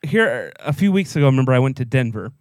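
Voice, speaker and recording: A man's voice: medium pitch, sing-song, fast talker, a little mellow, no room sound. A man co-hosting a podcast in casual chat, telling stories and laughing often. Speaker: podcast co-host.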